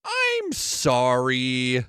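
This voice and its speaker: A male streamer reacts to videos in a sarcastic, exasperated running commentary and swears freely. His pitch swings widely as he talks, and the close mic sounds dry and free of any room echo. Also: wildly swooping pitch, extremely slow, bright, forceful tone, clear, resonant tone. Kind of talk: casual live-stream commentary.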